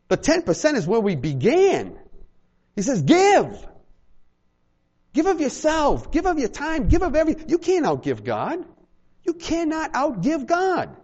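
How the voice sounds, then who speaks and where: Here a male pastor with a very high voice gives a sermon to a small congregation, acting out small dialogues and joking with the room in an animated manner. The high frequencies of the recording are cut off.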